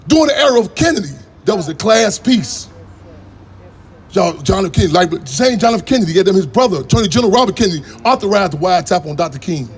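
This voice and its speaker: A man delivers a fiery political talk in a very high voice. He talks fast and spins rambling, profane stories. The crowd calls back to him as he goes. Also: lively intonation, faint music behind. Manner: profane, rambling storytelling with call-and-response. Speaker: activist speaker.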